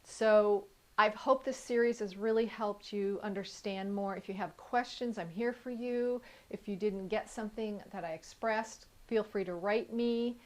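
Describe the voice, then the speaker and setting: A woman's voice: medium pitch, fairly even intonation, a little slow, hardly any pauses. A woman coaching the viewer in an earnest, encouraging talk. She speaks directly to whoever is watching and stops now and then to correct herself as she writes her points down. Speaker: inner life coach. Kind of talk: motivational video talk.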